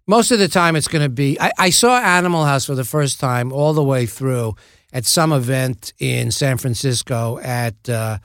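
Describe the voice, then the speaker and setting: A man's voice: mid-range voice, moderate pace, fairly bright tone, dry recording, clean studio sound. An older man, a guest actor, chatting casually and telling reflective stories in an interview. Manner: anecdotal, reflective storyteller.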